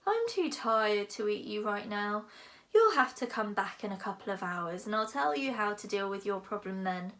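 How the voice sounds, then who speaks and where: A woman's voice: mid-range voice, expressive, moderate pace, fairly bright tone, natural voice. A woman voicing a huge cheerful male dragon, philosophical and menacing, with a genial, pompous manner. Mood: drowsy.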